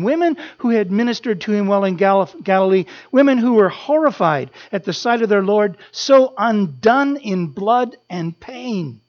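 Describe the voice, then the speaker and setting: A preacher delivering a sermon with impassioned repetition, building up and falling to a hush. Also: mid-range voice, highs cut off. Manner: impassioned, repetitive, swelling then dropping to a hush.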